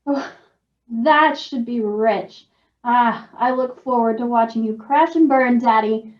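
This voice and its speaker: A woman's voice: a little high, slow pace. A woman playing a snide, spoiled adult daughter of a rich man, drawling her sarcastic, condescending lines. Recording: dull distant echoey mic.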